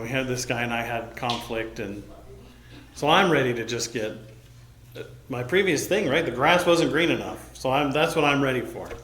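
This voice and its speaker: Pastor telling a story in an echoey church. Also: male voice, mid-range voice, fairly bright tone, slight background noise. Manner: casual, conversational retelling with acted-out quotes. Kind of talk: sermon storytelling. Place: church sanctuary.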